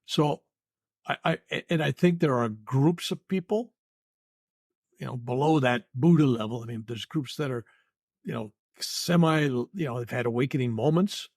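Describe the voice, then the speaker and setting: With a medium pitch, darkish and slightly rough tone, and a moderate pace, this older U.S. reverend speaks earnestly in a spiritual podcast interview. He tends to ramble, repeating himself and leaning on "you know," in studio-quality audio without echo.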